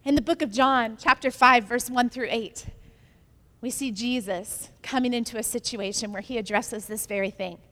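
A woman pastor with a high voice preaches a sermon, moving from storytelling into emphatic, repeated lines. Her voice rings out with the long reverb of a large hall. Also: moderate pace, fairly bright tone.

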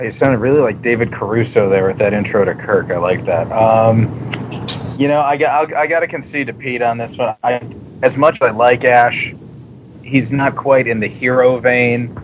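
A man on a casual chat panel, talking in a measured way with many pauses. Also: medium pitch, a little hiss or hum, low-quality recording.

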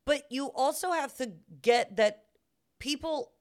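A young woman co-hosting a podcast, telling a story in an animated, profane way and acting out what others said. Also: high-pitched, slow pace. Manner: animated, profane, acts out quotes. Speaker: podcast co-host. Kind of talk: casual chat, storytelling.

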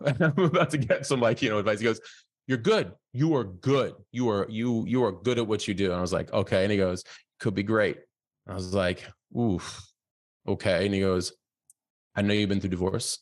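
Reflective man telling a story, low voice. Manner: animated, acts out quoted dialogue, many fillers. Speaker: podcast guest.

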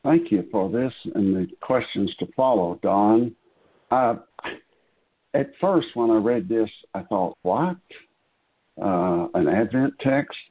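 A low-voiced man on a discussion panel talks slowly and thoughtfully, with a husky tone. He pauses and restarts as he works through his ideas, heard over a tinny call line. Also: big pitch swings. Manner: slow, thoughtful, with hesitant restarts. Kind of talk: reflective casual discussion.

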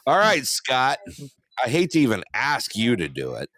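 A man's voice: medium pitch, wildly swooping pitch, normal speed, pushed and bright. A man hosting a casual live panel chat, upbeat, laughing often and calling on his panelists. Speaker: show host.

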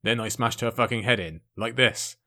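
A man's voice: mid-range voice, moderate pace, bright, forceful tone. A man reading the lines of a huge, brutal male knight from a book, bellowing them.

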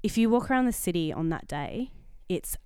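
A young Australian woman tells stories in casual podcast chat, slipping in "like" and "um" and acting out what people said. Her voice sits a little low and sounds very clear. It is recorded close and dry. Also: fairly quick, no room sound. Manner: chatty, animated storytelling with acted-out quotes; frequent "like" and "um" fillers. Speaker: podcast co-host.

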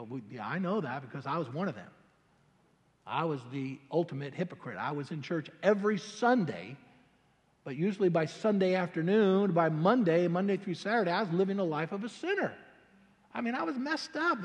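An older man, a pastor, telling his story in a sermon in an animated, colloquial way with stammering restarts. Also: sits high. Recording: long hall reverb.

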